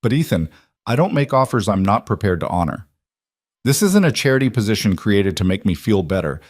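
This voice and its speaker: A man voicing a composed female executive who talks in a measured, direct and reassuring way, in a slightly raised, low-leaning voice. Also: big pitch swings, no room sound, studio quality. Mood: steady. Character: composed female executive making a job offer.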